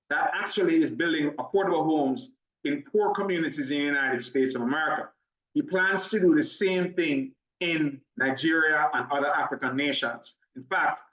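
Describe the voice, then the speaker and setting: A man with a Jamaican accent giving an upbeat, persuasive online sales presentation, talking fast when excited. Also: fairly high pitch, reverberant, distant mic, muffled recording. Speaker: business opportunity presenter.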